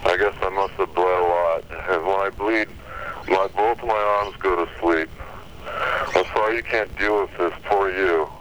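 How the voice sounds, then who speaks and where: A man's voice: low voice, fairly even intonation, a little slow, fairly bright tone, slight background noise, poor audio. A man leaving aggrieved, self-pitying, rambling messages on an answering machine.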